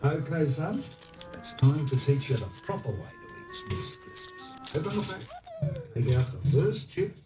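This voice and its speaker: An actor playing a stern father giving his son slow, solemn instructions in an ad voice-over. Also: fairly high pitch, big pitch swings, mellow, soft background music, low-quality recording.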